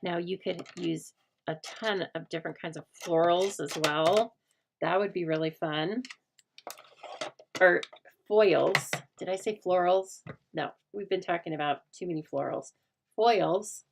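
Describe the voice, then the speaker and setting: A middle-aged American woman hosting a casual crafting chat, talking aloud as she works and often dropping to a soft murmur. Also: on the low side, steady tone, moderate pace, gravelly, background noise. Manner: chatty, thinks aloud, drops to a soft murmur while working. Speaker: craft host.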